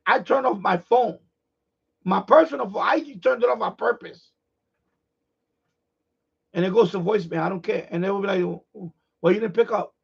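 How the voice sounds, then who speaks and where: A middle-aged man hosting a live stream, ranting in a blunt, profane, animated way in casual chat. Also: high voice, normal speed, vocal fry, slightly rough, highs cut off.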